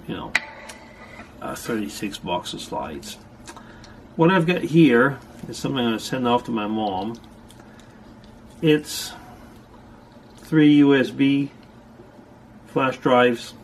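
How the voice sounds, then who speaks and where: A man's voice: mid-range voice, vocal fry, darkish tone. An older man chatting casually to camera from a room at home, rambling with dry asides. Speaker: vlogger. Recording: faint scanner hum behind. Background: slide scanner noise.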